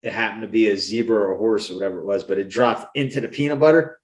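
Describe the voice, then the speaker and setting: A man's voice: fairly low pitch, rapid-fire. A middle-aged man co-hosting a podcast, telling rambling, profane stories in casual chat. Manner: rambling, swearing, laughing storyteller. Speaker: podcast co-host.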